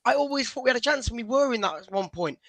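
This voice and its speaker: A man's voice: very high voice, lively intonation, very fast, gravelly, over a noisy crowd, low-quality recording. A man talking football casually on a fan show, hesitant and restarting his sentences.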